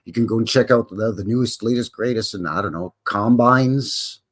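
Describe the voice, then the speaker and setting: A lowish-voiced man from Alberta, speaking at a moderate pace with a Canadian accent, hosts a laid-back live stream. He rambles in a folksy fashion and greets viewers individually by name.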